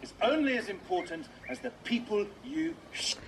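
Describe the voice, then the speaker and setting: An actor playing an earnest male rugby coach in a TV drama, attempting a South African accent and tagging sentences with a drawn-out "ya". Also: very high-pitched, animated, gravelly, fairly bright tone, heavily acted. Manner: motivational, sentence-final "ya" tag. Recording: noisy TV clip audio.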